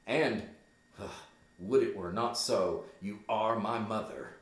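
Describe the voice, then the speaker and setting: A man voicing a bitter, intense young prince, reading the verse in a measured, emphatic way. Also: on the low side. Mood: accusing. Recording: echoey room.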